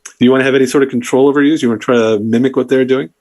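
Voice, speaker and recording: A man's voice: mid-range voice, fairly even intonation, very fast, darkish tone. Rambling male dungeon master. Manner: loose, rambling with many fillers. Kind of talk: narrating a tabletop game.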